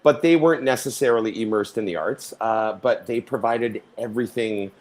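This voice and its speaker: A man's voice: medium pitch, normal speed. A middle-aged man from Canada, a stage performer being interviewed, who tells his stories theatrically, acting out voices and singing lines. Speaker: guest performer. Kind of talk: storytelling interview talk.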